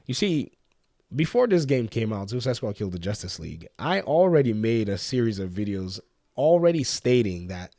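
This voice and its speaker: A man's voice: on the low side, a little mellow, dry recording. Congested man with a dry close sound. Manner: defensive, argumentative, addresses a commenter directly. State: congested from a cold. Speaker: YouTube gaming commentator. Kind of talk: casual commentary to camera.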